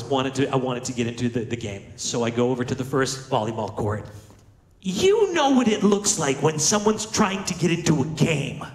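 A man speaking to an audience, telling a self-mocking story and slipping into the voices of the people in it. His voice sits a little high and leaps up and down. The sound rings in a roomy hall. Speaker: motivational speaker. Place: large room with audience.

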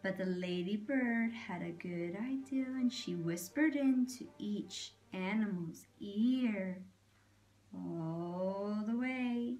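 A woman reading a picture book aloud to children, animated, doing animal noises and pointing out the pictures. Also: medium pitch, takes it slowly, hardly any pauses, soft background music. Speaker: storyteller.

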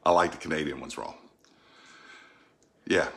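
His voice rumbles low and gravelly at a moderate pace. The speaker is a middle-aged cooking vlogger from the Gulf South with a Southern accent, tasting food in a relaxed home video and chatting folksily, his thoughts spilling out as he samples.

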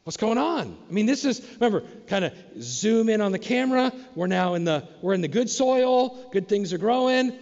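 A man's voice: high-pitched, very animated, moderate pace, hardly any pauses, darkish tone, long reverb tail, lo-fi sound. A man preaching a sermon as pastor, speaking with animation and acting out questions in a raised voice. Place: church sanctuary.

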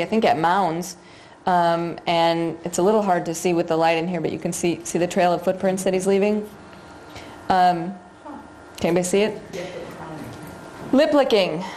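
Woman instructor, slightly low voice, casual seminar talk to a live room. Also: darkish tone, a little hiss or hum. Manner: conversational, addresses audience, many fillers. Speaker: seminar instructor on dog behavior.

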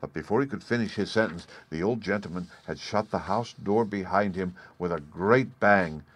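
A man reading a fairy tale aloud in measured storybook narration. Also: deep voice. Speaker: audiobook reader.

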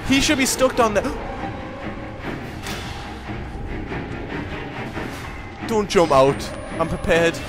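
A man commentating a horror game as he plays, muttering and swearing, then breaking into panicked shouts. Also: sits high, huge pitch swings, extremely slow, long pauses, music in the background. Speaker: gaming commentator.

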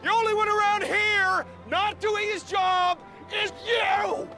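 An actor playing a furious man who shouts defiant taunts up at God. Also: very high-pitched, fairly even intonation, takes it slowly, no room sound, faint music behind, heavily acted. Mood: furious, taunting.

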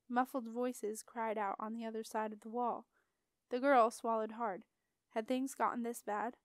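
In this storybook narration, a woman narrating an audiobook delivers a fantasy chapter in a smooth, fairly high voice with even expression. Recorded up close, the audio has no echo and no trace of room sound.

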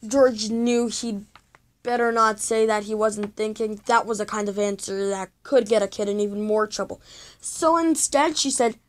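A woman's voice: mid-range voice, steady tone, moderate pace. A woman reading a children's chapter book aloud, telling it with drama and sound effects.

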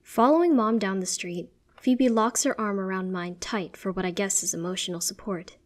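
A woman reading a story aloud in first person with a steady, expressive delivery. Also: medium pitch, normal speed. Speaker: story narrator.

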